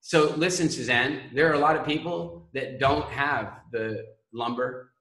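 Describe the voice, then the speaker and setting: A man coaching a caller on a group call, explaining calmly with analogies. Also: medium pitch, measured pace, roomy sound, low-quality recording. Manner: calm explanatory, uses analogies. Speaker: speaking coach.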